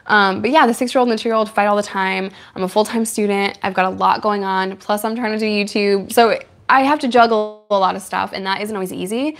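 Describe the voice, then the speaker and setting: Chatty lady live streaming, laughs a lot, middle pitch voice. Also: fairly even intonation, fairly quick. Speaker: livestream host. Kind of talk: casual live chat with viewers.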